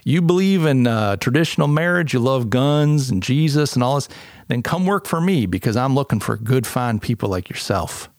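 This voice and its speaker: A man's voice: expressive, normal speed, darkish tone, no room sound, studio quality, natural voice. A man putting on a folksy Southern boss drawl. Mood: folksy inviting. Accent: mock Southern drawl. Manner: hearty, welcoming sales pitch. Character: folksy Southern right-wing male business owner.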